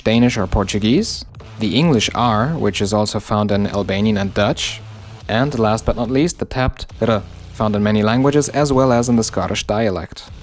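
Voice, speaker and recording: Lowish-voiced man explaining speech sounds. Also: a little mellow. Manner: explanatory, slows down to spell out example words. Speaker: linguistics video narrator. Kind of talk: scripted educational narration.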